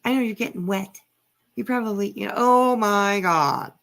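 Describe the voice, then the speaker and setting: A woman's voice: mid-range voice, normal speed, fairly bright tone. A woman hosting a commentary channel, reacting to clips in a scornful, mocking way with many fillers.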